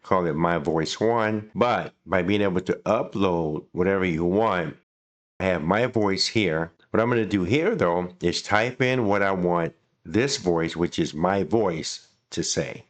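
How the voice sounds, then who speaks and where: A man hosting a software tutorial, talking casually and thinking aloud as he clicks through the program. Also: low voice, measured pace. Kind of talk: screen-recording software walkthrough.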